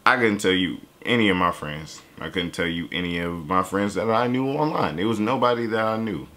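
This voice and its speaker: Young male reaction host, low voice with a sharp edge, casual and cussing. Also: a little fast. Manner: loose, profane, animated talk with laughs.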